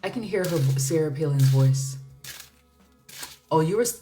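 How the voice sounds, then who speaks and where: A woman's voice: low-pitched, normal speed, mellow, faint music behind. A woman doing a casual tarot reading, musing aloud in a chatty way with frequent fillers and laughs. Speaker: tarot reader.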